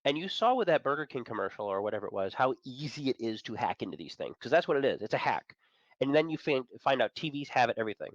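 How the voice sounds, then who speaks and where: In a lo-fi recording with no room sound, a man speaks fast at a medium pitch with big swings in his intonation. He's the managing editor of an entertainment and tech site, a guest on a talk show, chatting casually with enthusiasm and strong opinions while chuckling between points.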